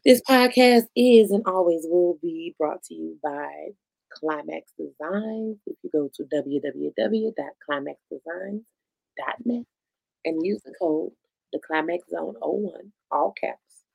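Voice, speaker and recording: Woman cohosting a podcast, low gravelly voice, laughs a lot, cusses, dry close sound. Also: unhurried, darkish tone, no echo. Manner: loose and blunt, laughs often, swears freely. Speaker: podcast co-host. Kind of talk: casual chat.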